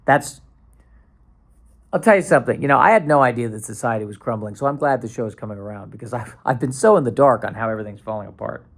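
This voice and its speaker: Gravelly sarcastic man rambling on a podcast. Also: mid-range voice, fast. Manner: sarcastic, rambling, with frequent restarts and sudden mock panic. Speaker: podcast host. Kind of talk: casual solo podcast rambling.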